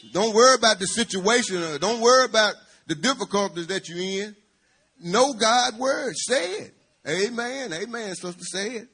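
Husky preacher man calling to his church. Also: on the high side, a bit bright. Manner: call-and-response, calling out to the congregation. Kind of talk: church sermon.

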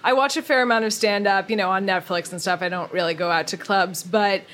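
A woman hosting a podcast in casual chat, chatty and quick to laugh, with lots of agreeing fillers. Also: mid-range voice, steady tone, fairly bright tone, slight background noise. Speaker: podcast host.

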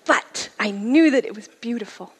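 A middle-aged woman telling her faith story at a church service, in an earnest, conversational way that often sinks to a soft hush. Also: on the high side, moderate pace, breathy edge, in a large hall. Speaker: guest speaker sharing a testimony. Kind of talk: personal testimony talk.

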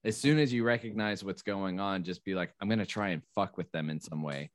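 A man's voice: sits low, fairly quick, no echo, clean studio sound. A young man chatting casually on a podcast, musing loosely and trailing off into fillers. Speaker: podcast co-host. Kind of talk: casual chat.

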